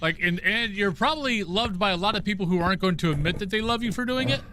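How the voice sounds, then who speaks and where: Guy streaming games, rambles to chat, kinda bright high-ish voice, faint hum behind. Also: quick pace. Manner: rambling, talks to chat and to the game's ghost. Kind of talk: casual chat with stream viewers while gaming.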